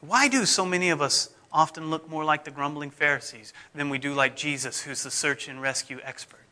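A middle-aged man, a pastor, preaching in a conversational, self-deprecating way whose phrases often fade off softly. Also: fairly high pitch, a little fast. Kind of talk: sermon.

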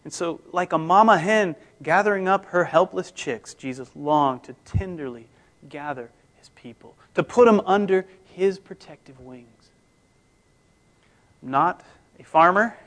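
A man preaching a conversational sermon, his voice swinging between loud emphasis and near-hushed tones. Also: high-pitched, expressive, a little slow. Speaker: pastor.

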